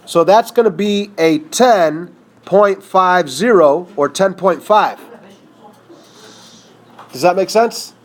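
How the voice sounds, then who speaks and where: Male math teacher, high voice, casual and conversational, checks understanding often. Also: takes it slowly, long pauses. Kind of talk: whiteboard math lesson.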